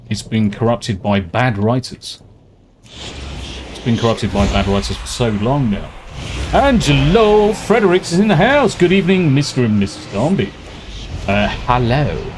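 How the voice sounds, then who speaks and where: Chatting casually on a live stream while gaming, a man from Britain rants and curses without restraint. His voice sits mid-range, with a little hiss or hum on the recording.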